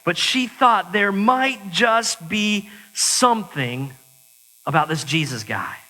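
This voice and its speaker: A man delivers a sermon in a church sanctuary, his voice high and bright. He keeps it conversational and pokes fun at himself. A long reverb trails his words through the hall. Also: animated, takes it slowly. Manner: conversational, self-mocking humor. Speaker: pastor.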